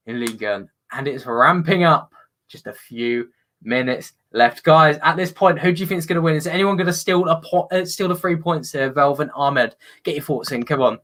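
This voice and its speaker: Excitable man commentating football live. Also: a little high, moderate pace. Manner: excitable, bursts into loud commentary on goals. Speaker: watch-along host.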